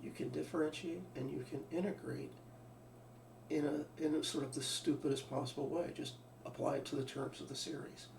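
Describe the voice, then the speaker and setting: A male math teacher gives a lecture in a gravelly, slightly high voice, keeping a steady tone and a brisk pace. He thinks aloud, restarts his sentences, and poses rhetorical questions. A distant mic captures echoey room sound with a faint hum.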